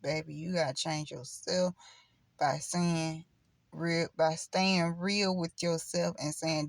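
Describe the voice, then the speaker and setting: A woman's voice: low-pitched, steady tone, takes it slowly, vocal fry, no room sound. A middle-aged woman chatting casually on her channel in a blunt, preachy, rambling way. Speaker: spiritual vlogger. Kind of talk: casual direct-to-camera chat.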